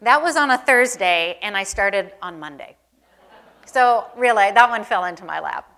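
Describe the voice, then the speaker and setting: A woman's voice: medium pitch, expressive, normal speed, bright, forceful tone. A middle-aged woman, a museum curator in an onstage conversation, telling anecdotes in a chatty, self-deprecating way with frequent ums. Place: museum event space before an audience.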